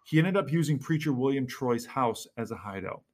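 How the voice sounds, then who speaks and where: A man's voice: mid-range voice, animated, brisk, darkish tone. Male podcast host, eager and chatty, mid-range voice, sharing history in a casual talk. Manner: enthusiastic, reads quotes aloud then comments.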